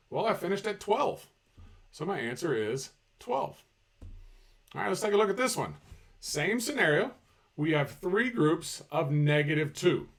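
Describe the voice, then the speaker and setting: A man's voice: fairly high pitch, recorded from a distance. A man presenting an upbeat video math lesson, joking and talking straight to his viewers. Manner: energetic, jokey, talks to viewers directly. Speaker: math teacher.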